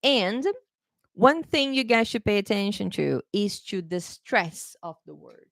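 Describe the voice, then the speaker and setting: A woman's voice: medium pitch, animated, a little slow, gravelly, fairly bright tone, dry recording. A woman who grew up speaking runs a live online pronunciation lesson. She talks in a chatty, informal way, stops to check in with "okay?" and corrects herself as she goes. Her voice sits in an ordinary middle range and sounds close and dry. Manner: chatty, repeats "okay?" often, self-correcting. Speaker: English pronunciation teacher.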